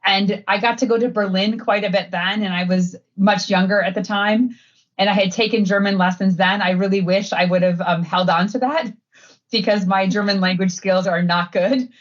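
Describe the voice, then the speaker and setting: A woman's voice: mid-range voice, steady tone, normal speed, dull audio. Chatty middle-aged woman from Wisconsin. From Wisconsin, USA. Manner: chatty, frequent fillers and laughs. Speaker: guest, head of sustainability. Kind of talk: casual interview chat.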